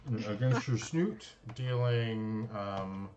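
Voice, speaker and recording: A man narrating a tabletop game as game master, unhurried, with many filler pauses. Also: on the low side, a little mellow, highs cut off.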